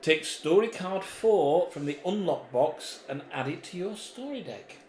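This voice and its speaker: A man's voice: a little high, lively intonation, measured pace, a little mellow. A man co-hosting a board game playthrough, chatty, reading rules and story text aloud. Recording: echoey room with faint background noise.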